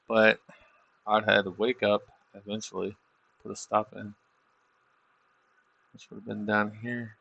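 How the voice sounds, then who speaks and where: A man's voice: lowish voice, vocal fry, pushed and bright, no echo, dull audio. A middle-aged man livestreaming his trading, talking casually in a rambling, self-deprecating way. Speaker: livestreaming trader.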